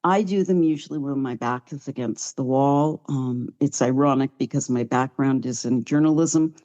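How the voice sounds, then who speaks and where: A woman's voice: rumbling low, normal speed, dark tone, lo-fi sound. A middle-aged woman giving a chatty, heartfelt personal recovery share at a meeting, sometimes close to tears. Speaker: guest speaker at a recovery meeting.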